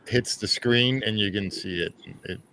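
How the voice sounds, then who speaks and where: A man hosting a casual group commentary over ride footage, talking in a relaxed, rambling way with many restarts. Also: lowish voice, normal speed, crowd noise. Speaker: host.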